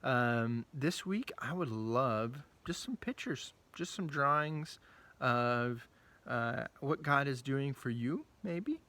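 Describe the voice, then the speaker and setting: A man leading a children's Bible lesson, telling the story in a chatty, animated way and acting out the quotes. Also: mid-range voice, takes it slowly. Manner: chatty, with frequent asides. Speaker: children's ministry leader.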